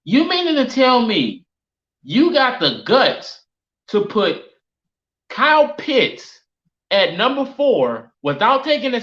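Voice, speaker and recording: Exasperated man streamer, lively swinging pitch, roomy lo-fi stream mic. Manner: exasperated, repetitive, incredulous. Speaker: sports streamer. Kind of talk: live-stream reaction rant. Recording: roomy, dull lo-fi stream audio.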